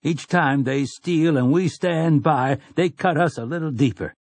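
A man's voice: fairly high pitch, a little slow, no room sound, voice pushed up. A man voicing an earnest farmer father who addresses his town in solemn, plain country speech.

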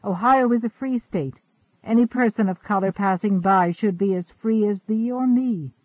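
A man playing a calm, pious Quaker farmer who speaks courteously in old thee-and-thou phrasing. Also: high voice, normal speed, no room sound, narrow, tinny audio, voice pushed up, close to an everyday voice.

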